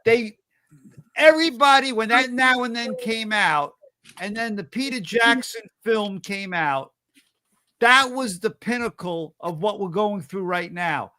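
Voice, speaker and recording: A man's voice: sits high, unhurried, sharp tone. A man in a casual podcast chat, talking in an opinionated, emphatic way.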